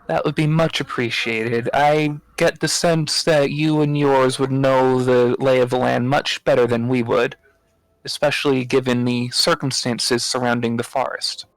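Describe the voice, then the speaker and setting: A man's voice: medium pitch, steady tone, unhurried, no echo, low-quality recording. A man playing a tabletop game, speaking in character in a courteous, flowery way. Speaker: player.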